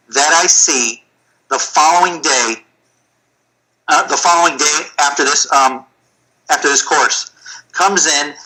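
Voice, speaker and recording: A middle-aged man, a physical therapy clinic owner, telling stories in a casual, animated way. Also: fairly high pitch, rough recording. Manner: animated, storytelling with acted-out quotes. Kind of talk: casual storytelling chat.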